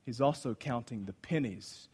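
A man preaching a sermon, swinging between loud exclamations and hushed asides as he retells a Bible story. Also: mid-range voice, moderate pace, slightly rough. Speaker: pastor.

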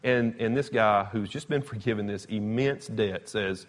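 A man's voice: medium pitch, moderate pace, few pauses. A man teaching a Bible lesson, talking informally and acting out the scripture stories with emphasis. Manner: conversational, emphatic, retells scripture with animated quotes. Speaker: preacher. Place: church or classroom with slides.

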